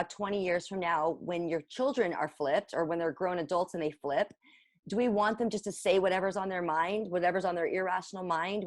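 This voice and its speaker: A woman's voice: medium pitch, no echo, clean studio sound. A woman in her forties, a parent coach, giving an earnest, encouraging workshop presentation with slides. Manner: earnest, encouraging, repeats for emphasis.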